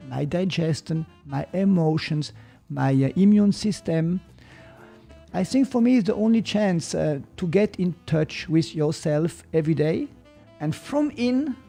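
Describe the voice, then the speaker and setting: A man with a Swiss German accent, a podcast guest who explains calmly and hesitantly and sometimes searches for English words. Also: a little high, a little slow, gravelly, faint music behind. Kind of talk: reflective podcast conversation.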